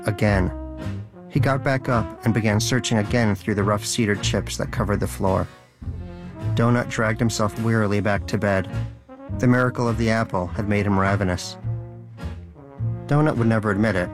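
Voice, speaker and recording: A man with a low voice reads a story in scripted narration, dry and a little wry in his delivery. Music plays clearly underneath. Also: steady tone, moderate pace, pauses often. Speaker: audiobook narrator.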